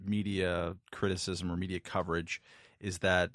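A man's voice: low-pitched, level tone, normal speed, fairly bright tone, dry recording. A man on a podcast making a dry, matter-of-fact point about politics. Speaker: podcast co-host. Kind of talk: casual political discussion.

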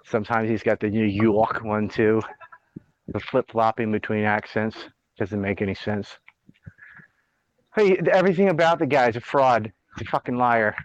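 A man's voice: lowish voice, moderate pace, no echo, muffled recording. A man hosting a podcast, ranting bluntly and sarcastically with plenty of swearing in casual political chat. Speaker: podcast host.

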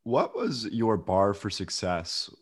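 A man hosting a podcast, asking questions in a measured, thoughtful way with some hesitation. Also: fairly low pitch, sing-song. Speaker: podcast host. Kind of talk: interview questions.

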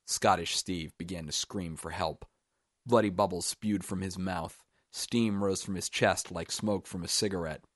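Tiefe, ruhige männliche Erzählstimme. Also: male voice, low-pitched, dry recording, studio quality. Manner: calm, measured storytelling. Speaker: author reading his own story. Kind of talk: audiobook story reading.

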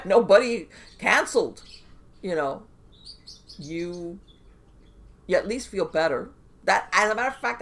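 Animated gravelly-voiced woman rambling. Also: fairly low pitch. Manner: animated, rambling, full of fillers and restarts. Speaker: podcast guest. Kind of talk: casual conversational storytelling.

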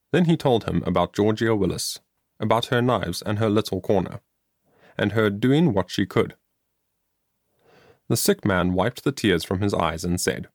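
A man reading an audiobook with a measured, expressive delivery. His voice sits low and moves with lively inflection. The sound is dry and close. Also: no echo. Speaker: audiobook narrator. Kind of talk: audiobook narration.

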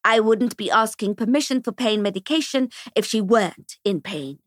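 A woman voicing an older, brisk and impatient hospital nurse in an audiobook, speaking in a slightly condescending way. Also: mid-range voice, expressive, no echo, studio quality, natural voice. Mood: exasperated.

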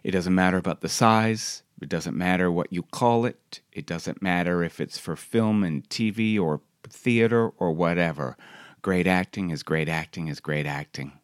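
Low-voiced man, wry and reflective. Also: moderate pace, dry recording, clean studio sound. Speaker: newsletter writer reading his own essay. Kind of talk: personal essay narration.

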